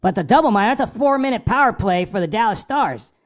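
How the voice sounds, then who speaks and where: Excitable, foul-mouthed man recapping hockey. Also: high voice, quick pace. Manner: excitable, profane fan talk; acts out his own remarks in quotes. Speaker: hockey podcast host. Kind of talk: casual sports podcast recap.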